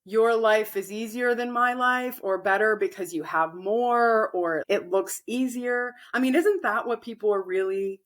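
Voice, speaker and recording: A woman co-hosting a podcast, calmly explaining spiritual ideas and acting out inner dialogue. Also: fairly high pitch, unhurried, hardly any pauses. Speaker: podcast co-host. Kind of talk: casual spiritual chat.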